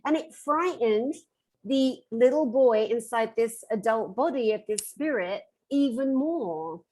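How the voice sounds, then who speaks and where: A woman's voice: fairly high pitch, slow, poor audio. A woman working as a metaphysical therapist, telling a story on a conference panel and acting out the lines of the people in it. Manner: animated, acts out quoted dialogue.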